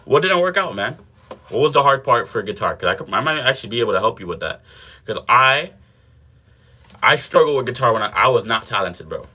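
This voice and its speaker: A man's voice: medium pitch, sing-song, a little fast, pushed and bright. A young man hosting a fitness livestream, chatting casually with viewers in a slangy, laid-back way.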